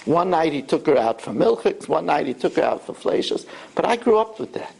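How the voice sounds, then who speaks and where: Animated gravelly rabbi. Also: male voice, a little high, brisk. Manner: animated storytelling, acts out quotes. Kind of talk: sermon.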